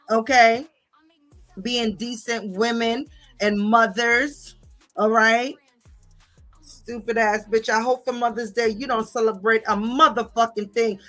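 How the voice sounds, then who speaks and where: Woman, bright forceful voice, fairly high, cursing rant, faint music behind. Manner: profane, confrontational, repeats "okay?" and "bitch". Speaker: livestream host. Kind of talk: heated livestream rant reading viewer comments.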